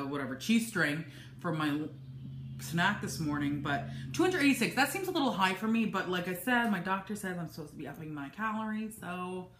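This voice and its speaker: A woman vlogs about food from her home office, chatting loosely with many ums and restarts. Her voice sits low and is a bit bright, captured in an echoey room.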